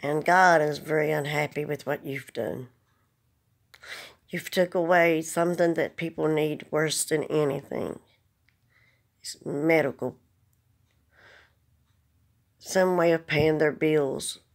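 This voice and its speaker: Lady, deep gravelly voice, slow and pleading, trying not to cry. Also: fairly even intonation. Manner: earnest, pleading, plain-spoken. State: holding back tears. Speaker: vlogger. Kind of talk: emotional direct-to-camera message.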